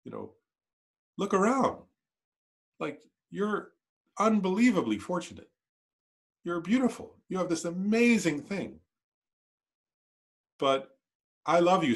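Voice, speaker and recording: A male teacher voicing a tender, loving female deity who gently counsels a student. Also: on the high side. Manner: soft, affectionate, coaxing. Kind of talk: teaching with a short voiced role.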